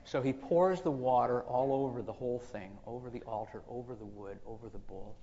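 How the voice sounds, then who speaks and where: A man's voice: mid-range voice, a little fast, warm tone, long reverb tail, dull audio. A male pastor telling a story in a sermon, folksy and conversational.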